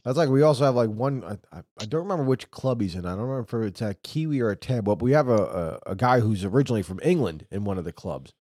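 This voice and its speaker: A man's voice: fairly low pitch, lively intonation, quick pace, few pauses, darkish tone. A man hosting an archery podcast, telling rambling, profane, jokey stories in casual chat. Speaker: podcast host.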